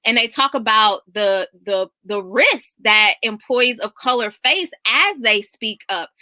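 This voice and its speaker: A woman's voice: a little high, expressive, measured pace, pushed and bright, dry recording. A woman guest on a podcast, giving earnest and emphatic advice in a casual conversation.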